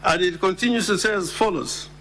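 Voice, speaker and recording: A man, a lawyer, making a deliberate, emphatic formal legal argument in a senate chamber and repeating key words. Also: high-pitched, fairly bright tone, in a large hall.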